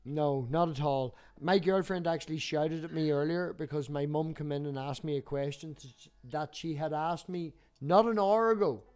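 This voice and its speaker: Male livestream host, 30s, swears freely, slightly high voice. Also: normal speed, hardly any pauses, smooth. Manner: swears freely, animated storytelling. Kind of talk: casual chat.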